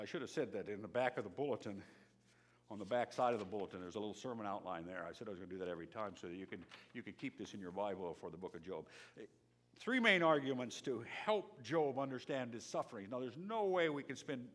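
A middle-aged man, a pastor, preaching a sermon in a lively, emphatic way, often restarting his sentences. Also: mid-range voice. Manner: lively, emphatic, with frequent restarts and dramatic drops to a whisper.

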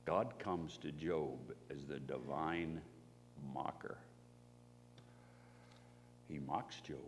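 A man preaching a sermon, animated, who swings into loud emphatic bursts when acting out pleas and reading scripture. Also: rumbling low, extremely slow. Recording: long hall reverb, faint hum.

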